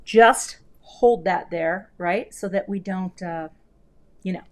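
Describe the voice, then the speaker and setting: A woman's voice: on the low side, takes it slowly. A middle-aged woman hosting a live card-making demo at home, chatting and joking about herself as she works. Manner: chatty, self-deprecating, talks while working. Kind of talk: live crafting demo chat.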